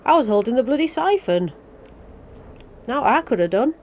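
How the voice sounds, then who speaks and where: A woman's voice: fairly high pitch, very animated, moderate pace, darkish tone. A Yorkshire woman hosting a let's play, chatting sarcastically and ranting about the story. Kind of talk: casual game commentary.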